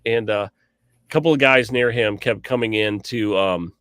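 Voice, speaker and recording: Chatty man telling animated stories. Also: fairly low pitch, measured pace, clear, resonant tone, no room sound, clean studio sound. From New England, US. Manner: animated storyteller with frequent fillers and restarts. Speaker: cornhole podcast co-host and commentator. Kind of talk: casual podcast chat.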